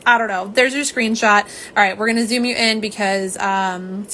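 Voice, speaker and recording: Lady rambling on a phone live stream, bright voice, bit of room hum. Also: medium pitch, fairly even intonation, moderate pace, poor audio. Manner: chatty, rambling, greets viewers by name. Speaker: livestream host. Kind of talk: casual live chat. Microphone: phone camera.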